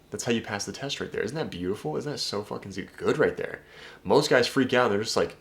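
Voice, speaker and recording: A man's voice: lowish voice, quick pace. Emphatic, profane male dating coach. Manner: emphatic, profane, addresses viewers directly. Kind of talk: casual video breakdown of text messages.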